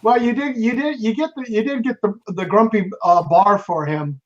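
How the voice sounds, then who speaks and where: A man's voice: sits high, normal speed. A man hosting a casual livestream chat, easygoing and laughing along with his guest. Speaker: livestream host. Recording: dull lo-fi audio.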